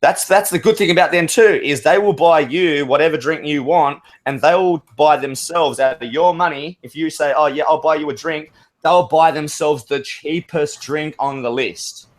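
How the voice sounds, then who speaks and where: An Australian man on an open-mic hangout call tells his stories without a pause, rambling loosely and swearing plenty. His voice sits slightly high for a man.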